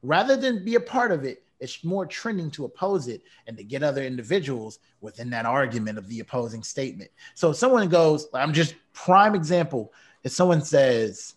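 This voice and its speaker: A man's voice: on the high side, fairly quick. A man co-hosting a podcast, debating animatedly and acting out imagined conversations. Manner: animated storyteller, acts out quotes. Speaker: podcast co-host.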